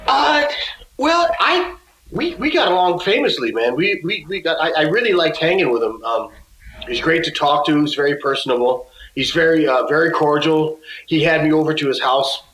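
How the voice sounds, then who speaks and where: Male guest, casual storyteller, a little high-voiced, halting with restarts, roomy echo. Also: animated, a bit bright, slight background noise. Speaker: guest musician.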